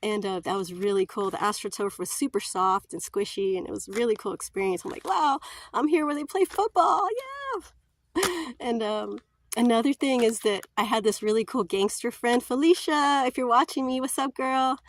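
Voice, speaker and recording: A woman's voice: mid-range voice, fairly even intonation, a little fast. A chatty woman, telling stories in a casual vlog and laughing often. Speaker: vlogger.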